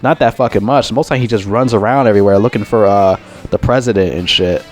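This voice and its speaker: A man's voice: on the low side, fast talker, faint music behind. A man giving a casual, profane movie review, rambling and complaining in an exasperated way.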